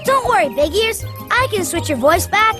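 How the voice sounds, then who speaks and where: A woman's voice: very high-pitched, animated, moderate pace, over music. A woman voicing a cheerful, eager little wooden boy in a cartoon, with a chirpy childlike voice. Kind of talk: cartoon voice acting.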